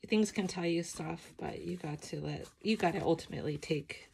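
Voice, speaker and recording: Sleepy, gravelly-voiced woman talking art. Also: fairly low pitch, normal speed, slight background noise. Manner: soft, emotional, reflective, many ums. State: sleepy morning voice. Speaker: art journal vlogger. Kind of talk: casual flip-through chat.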